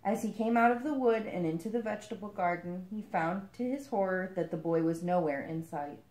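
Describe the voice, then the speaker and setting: A woman reading a picture book aloud as a storyteller, expressive and lively. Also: fairly low pitch, a little fast, roomy sound.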